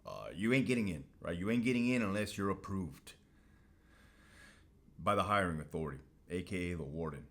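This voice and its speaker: A man's voice: deep voice, animated, brisk, fairly bright tone. A man hosting a casual monologue to camera, talking in a blunt, profane, streetwise way. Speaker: host.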